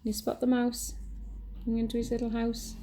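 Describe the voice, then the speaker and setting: A woman teacher reading a picture book aloud to children, pausing to point out the pictures. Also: a little high, completely flat delivery, background noise. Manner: gentle, asks children to look at pictures. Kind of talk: storybook read-aloud for children.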